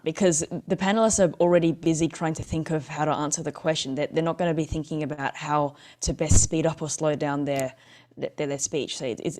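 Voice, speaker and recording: A woman's voice: deep voice, darkish tone. A woman speaking as a panelist on a video call, thoughtful and restarting her phrases. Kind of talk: casual panel discussion.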